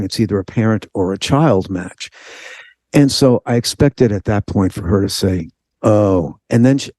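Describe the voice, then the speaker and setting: A man telling a personal story in an interview, animated, acting out the voices of the people in it. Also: lowish voice, dry recording. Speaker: guest.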